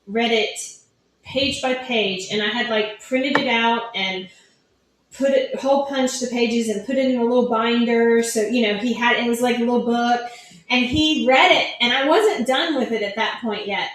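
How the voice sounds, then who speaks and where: A woman's voice: on the high side, moderate pace, heavy reverb, poor audio. A middle-aged woman author telling stories about her writing in a casual interview, acting out family members' lines as she goes. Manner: chatty storytelling, acts out family quotes. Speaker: author guest.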